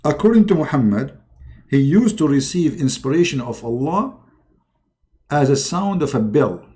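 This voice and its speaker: A man's voice: fairly high pitch, big pitch swings, normal speed, dark tone. A man hosting a mocking religious commentary, talking sarcastically in broken English. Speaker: host.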